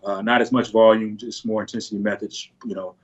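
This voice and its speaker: A man answering interview questions over a video call, relaxed and halting, with frequent restarts. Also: on the low side, dull audio. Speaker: pro bodybuilder guest on a video call.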